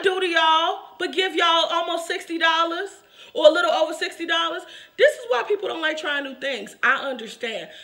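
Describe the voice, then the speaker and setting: A woman's voice: extremely high pitch, animated, a little fast, sharp tone. A woman hosting a casual wig review vlog, talking straight to her viewers in an exasperated, emphatic way and laughing through her complaints. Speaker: wig reviewer and channel host.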